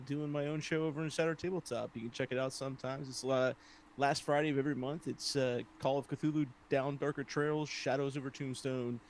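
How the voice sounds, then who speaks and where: A man introducing himself as a tabletop game player, upbeat and quick to laugh. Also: medium pitch, a little mellow, slight background noise. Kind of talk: casual self-introduction.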